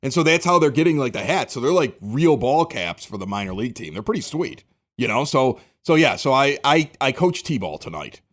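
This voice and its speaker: A man's voice: mid-range voice, very animated, brisk, fairly bright tone. A man hosting a podcast, chatting casually at a basement home bar and telling rambling stories with plenty of laughs. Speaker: podcast host.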